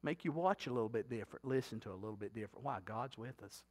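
A man's voice: medium pitch, animated, fast, a little mellow. A middle-aged man preaching a sermon in a folksy, talkative way, often asking the congregation questions. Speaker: pastor.

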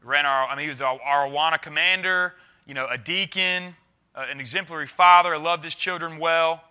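A man, a youth pastor preaching a sermon earnestly, swinging between loud urging and quiet intensity. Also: a little high, fairly quick, clean tone.

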